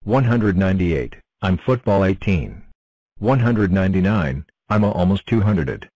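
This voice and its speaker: Number block for a cartoon, male voice, low and dry, stiff self-introductions. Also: moderate pace, no echo, low-quality recording. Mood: plain. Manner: announces itself in short flat sentences. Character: cheerful talking number block.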